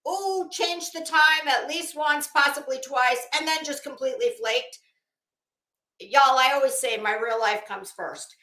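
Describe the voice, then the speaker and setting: Female livestream host, chatty and rambling, bright tone, echoey home room. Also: sits high. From Florida. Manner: chatty, greets viewers by name, rambling asides. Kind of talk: casual livestream chat.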